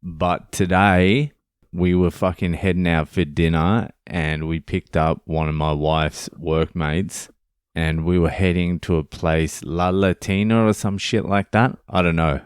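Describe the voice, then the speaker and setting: A man's voice: deep voice, steady tone, measured pace, clear, resonant tone, no room sound, clean studio sound. An Australian man hosting a podcast, telling a story in a blunt, sweary, joking way. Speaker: podcast host. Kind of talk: casual storytelling monologue.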